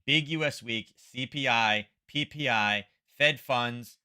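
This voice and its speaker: A man's voice: medium pitch, takes it slowly, pushed and bright, clear, resonant tone. A man hosting a trading livestream, chatting casually and rambling with wry asides. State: headache from wildfire smoke. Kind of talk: casual market commentary livestream.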